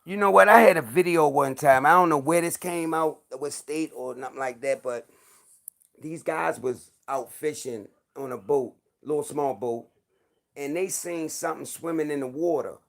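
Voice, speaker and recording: A man with a gravelly, creaky voice chats casually over a phone line. He talks in an earnest, insistent way and circles back on his words. His pitch sits a little high for a man. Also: moderate pace, a bit bright. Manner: repeats phrases, earnest and insistent. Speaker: podcast host. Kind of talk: casual chat.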